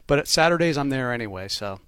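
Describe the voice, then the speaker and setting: A man's voice: medium pitch, lively intonation, fast, a bit bright, clear, resonant tone, no room sound. A middle-aged man, an oddsmaker co-hosting a podcast, explaining betting lines in an easygoing way, laughing often. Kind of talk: casual sports betting chat.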